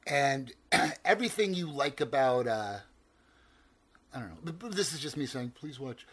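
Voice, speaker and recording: A man's voice: medium pitch, moderate pace, breathy edge. A man in his forties with a New Jersey accent, talking in a casual, digressive way with frequent restarts. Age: 40s. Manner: animated, digressive, stammers and restarts, swears casually. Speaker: podcast co-host. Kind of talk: casual chat.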